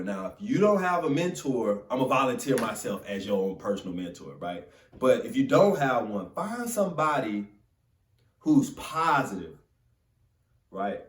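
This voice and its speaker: Young guy giving a pep talk, chatty and animated, sounds far off in an echoey room. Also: medium pitch. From Florida. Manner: animated, casual and conversational. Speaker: motivational speaker. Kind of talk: motivational storytelling talk. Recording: roomy sound from a distant mic.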